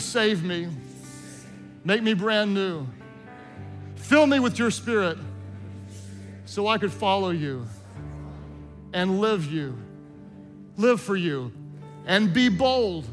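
A man's voice: sits high, animated, slow pace, pauses often. A man preaching as a pastor, leading a prayer and an altar call in an impassioned, urging way, from a large church hall. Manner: impassioned, urging, builds from soft prayer to loud exhortation. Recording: large echoing hall with faint music.

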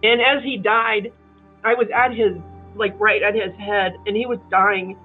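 A middle-aged woman from the Kansas City area telling her story in a casual interview, animated and full of fillers, acting out other people's voices. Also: medium pitch, unhurried, husky. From Kansas City area, USA. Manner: animated, acts out quoted voices, many fillers. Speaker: guest. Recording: tinny phone-like line with faint music.

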